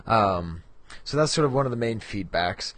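A man's voice: fairly low pitch, lively intonation, moderate pace, fairly bright tone, no room sound. A middle-aged man co-hosting a podcast in casual, rambling chat, laughing at himself often. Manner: rambling, self-mocking, frequent ums and laughs. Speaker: podcast co-host.

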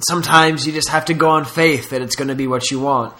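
A man's voice: on the high side, fairly even intonation, fast, pushed and bright. A man hosting a podcast in casual chat, rambling through stories with asides. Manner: rambling, storytelling with laughs and asides. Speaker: podcast host.

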